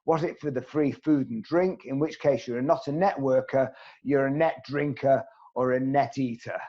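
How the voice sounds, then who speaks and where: A man's voice: mid-range voice, fairly even intonation, moderate pace, warm tone, lo-fi sound. A man giving a networking training session on a video call, speaking earnestly and putting questions straight to his audience. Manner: earnest, emphatic, asks the audience direct questions. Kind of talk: online training presentation.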